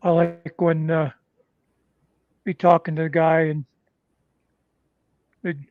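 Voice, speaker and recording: A man's voice: a little high, level tone, takes it slowly, no echo. Rambling man telling stories, dull dry sound. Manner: rambling storyteller, many "uh"s. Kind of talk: casual chat.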